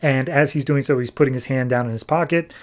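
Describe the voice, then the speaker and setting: A man's voice: mid-range voice, fast. A man hosting a podcast, casually recapping a comic book issue with wry asides. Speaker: podcast host.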